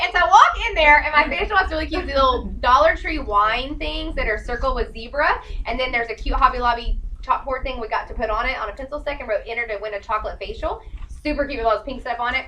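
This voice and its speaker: A woman, a sales director giving a lively training talk to a group, acting out bits of dialogue as she tells stories. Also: high-pitched, quick pace, few pauses, far from the mic, slight background noise, rough recording. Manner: bubbly storyteller acting out dialogue. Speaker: sales director and guest speaker.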